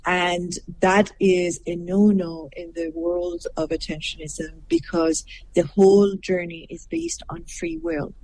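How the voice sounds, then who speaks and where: A woman guest on a podcast giving advice in a measured, emphatic way, acting out short exchanges as she explains. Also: fairly low pitch, expressive, darkish tone, rough recording. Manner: measured and emphatic, acts out little dialogues. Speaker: guest, personal growth teacher.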